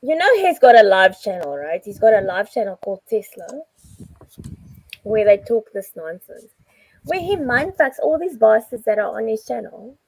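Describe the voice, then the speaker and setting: Animated husky-voiced woman host. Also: fairly high pitch, moderate pace, dry recording, low-quality recording. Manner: animated, laughing, swearing freely. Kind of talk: casual group chat.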